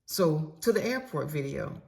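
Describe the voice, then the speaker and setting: A woman's voice: sits low, very animated, unhurried, gravelly, warm tone. Candid middle-aged woman telling her story. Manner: candid and emphatic, with salty slang; addresses listeners directly. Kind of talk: casual storytime monologue.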